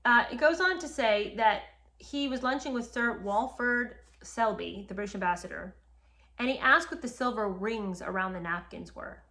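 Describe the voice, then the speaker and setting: Woman, higher voice, indignant storytelling host, speaks right to the audience. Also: normal speed, bright, forceful tone. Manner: indignant, talks straight to listeners. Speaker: podcast host. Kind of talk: animated history commentary.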